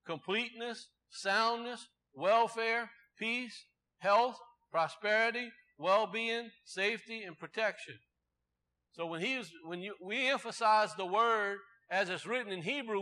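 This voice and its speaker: A male preacher delivering a Bible teaching sermon. His voice sits high for a man and rings bright. He moves from careful word study to fervent exhortation. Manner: explains word meanings slowly, then preaches with rising fervor.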